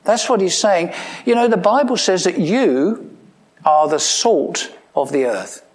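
A man's voice: lively intonation, unhurried. A pastor preaching a sermon in a conversational style, asking his listeners questions, with touches of dry humor and sudden emphatic lines. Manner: swings between emphatic rising lines and low quiet asides.

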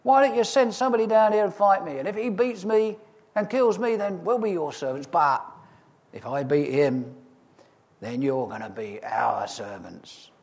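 A man voicing a boastful giant warrior who shouts a challenge to an enemy army. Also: fairly high pitch, normal speed, natural voice. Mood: taunting. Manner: loud taunting challenge.

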